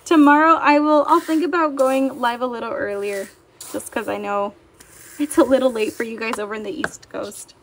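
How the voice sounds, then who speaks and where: A chatty young woman talks through a home livestream, her voice high and lively as she greets viewers. She sounds bubbly and easygoing. Soft clicking noises sit faintly behind her. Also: normal speed, slight background noise. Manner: bubbly, chatty, reads viewer comments aloud. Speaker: livestream seller. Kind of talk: casual livestream chat.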